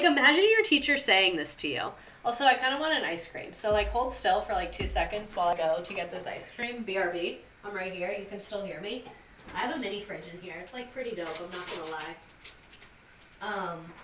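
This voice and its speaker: With a pushed, bright voice of medium pitch and a little hiss or hum in the audio, a young woman runs a casual livestream. She rambles chattily, reading viewer stories and replying to chat, laughing and saying "like" frequently.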